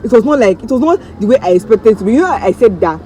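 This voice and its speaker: A woman's voice: on the high side, very fast, a little hiss or hum, low-quality recording. Dramatic Nigerian woman telling a story. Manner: dramatic, animated storytelling with reenacted voices. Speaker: vlogger. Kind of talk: story time vlog.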